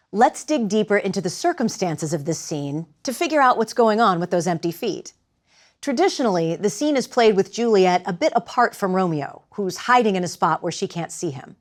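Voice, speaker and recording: A woman instructor explaining the rhythm of verse and directing actors, in a clear, patient teaching voice. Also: on the low side. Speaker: theater instructor. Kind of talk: lecture with live demonstration.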